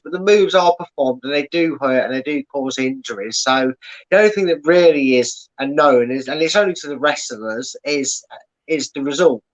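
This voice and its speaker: A man chatting casually as a guest, plugging his podcast and explaining at length with many fillers. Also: medium pitch. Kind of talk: casual chat. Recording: slightly dull lo-fi audio.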